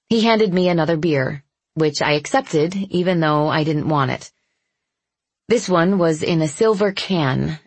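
A woman giving steady first-person narration of a novel in an even storytelling manner. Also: deep voice, breathy edge, no echo. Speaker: audiobook narrator.

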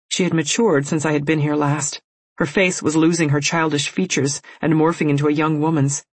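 A woman reading a first-person novel aloud in a measured, emotional storytelling manner. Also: deep voice, no echo. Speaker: audiobook narrator.

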